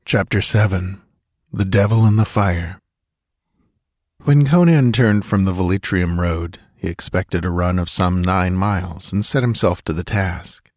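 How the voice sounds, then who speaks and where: A man narrating a sword-and-sorcery audiobook in a measured, steady storytelling manner. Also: deep voice, dry recording, studio quality. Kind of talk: scripted narration.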